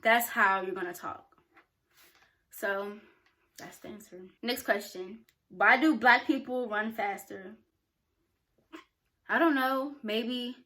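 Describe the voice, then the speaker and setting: A woman's voice: fairly high pitch, slow, long pauses, bright, forceful tone. A young woman talking frankly and casually to camera, answering questions with plenty of filler words. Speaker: YouTuber.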